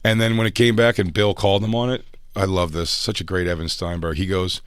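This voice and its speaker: Low-voice dude on a comedy pod, dry close mic, does goofy impressions while telling stories. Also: male voice, a little fast, clear, resonant tone, dry recording. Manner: animated retelling with impressions. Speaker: comedian podcast co-host. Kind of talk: casual chat.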